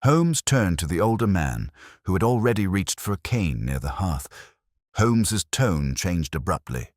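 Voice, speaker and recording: Very deep male storyteller. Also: sing-song, dry recording, clean studio sound. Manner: measured storytelling. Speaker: narrator. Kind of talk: scripted narration.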